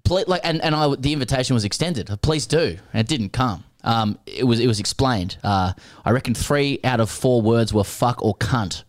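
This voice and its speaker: A man's voice: medium pitch, no room sound, clean studio sound. An Australian man co-hosting a podcast, chatting casually and rambling with lots of fillers and restarts. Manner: rambling, halting, full of fillers. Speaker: podcast co-host. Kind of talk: casual chat.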